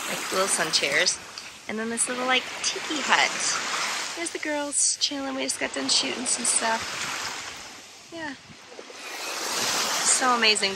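A young woman, chatting casually as a travel vlogger, bubbly and full of "like". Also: mid-range voice. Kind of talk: casual vlog narration. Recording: outdoor vlog with clear background noise.

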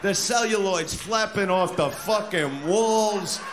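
A man doing a crude stand-up routine in a brash manner, shouting his punchlines. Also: high voice, takes it slowly. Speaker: stand-up comedian. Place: comedy club stage. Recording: live club recording with crowd noise. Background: audience laughter and noise.

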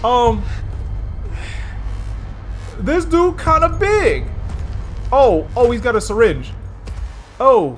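A gamer giving loud let's play commentary, exclaiming, swearing and laughing often, with faint game music behind. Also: medium pitch, sing-song, very slow, pauses often.

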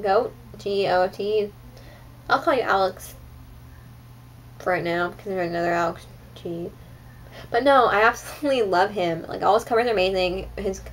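A young woman chats to her camera at home, gushing about things she loves with plenty of "like" and "um". Her voice sits at an ordinary pitch, and a faint hum of room noise runs underneath. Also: poor audio. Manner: chatty and gushing, lots of "like" and "um". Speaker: vlogger. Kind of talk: casual monthly favorites chat.

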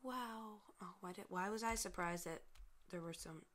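A woman's voice: medium pitch, normal speed, a bit bright, slight background noise. A woman from the United States giving casual let's-play commentary at her computer, chatty and often dropping into playful murmurs and whispers. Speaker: gaming video host. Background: faint keyboard and mouse clicks.

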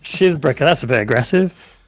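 A man's voice: mid-range voice, lively intonation, a little fast. A British man co-hosting a live gameplay stream, chatting, joking and repeating giveaway instructions. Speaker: streamer co-host.

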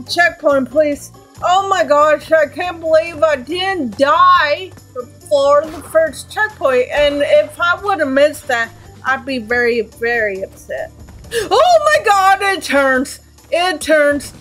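A woman's voice: sits high, fairly bright tone. A young woman commentating her gameplay in a casual, anxious way, exclaiming and repeating herself often. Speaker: let's play gamer.

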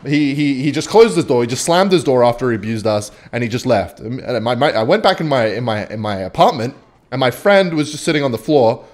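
A man's voice: mid-range voice, darkish tone. A young man telling a rambling, self-mocking anecdote while commenting on his own gameplay, with frequent swearing. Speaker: gaming channel host. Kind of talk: storytelling over gameplay commentary.

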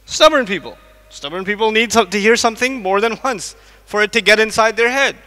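A man's voice: sits high, bright, forceful tone. A man giving a lecture to a live audience in a large mosque hall, quizzing the listeners with repeated questions. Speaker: Islamic lecturer. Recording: long echo of a mosque hall.

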